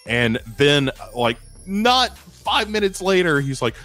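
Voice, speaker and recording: A man co-hosting a podcast, talking over a film in halting, casual speech with sudden rises when making a point. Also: a little high, very animated, sharp tone, soft background music. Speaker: podcast co-host. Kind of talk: casual movie review chat.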